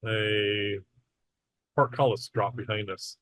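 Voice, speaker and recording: A man running a tabletop game as game master, narrating in a relaxed, matter-of-fact way with small asides. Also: on the low side, takes it slowly, no room sound.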